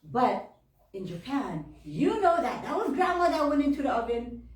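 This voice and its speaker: A woman minister giving a heartfelt personal testimony to her congregation, laughing often and jumping up in pitch when she gets excited. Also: normal speed. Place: church hall. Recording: roomy room, voice from far off.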